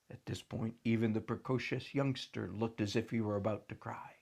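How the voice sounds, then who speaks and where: A man narrating a storybook in an expressive, dramatic reading style. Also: fairly low pitch, normal speed, gravelly, few pauses.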